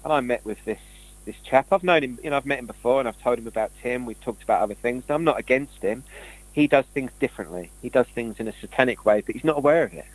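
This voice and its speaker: A man's voice: medium pitch, quick pace, poor audio. A man, telling long, digressive stories in casual conversation with many restarts. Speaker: guest speaker on esoteric topics. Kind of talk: rambling conversational monologue.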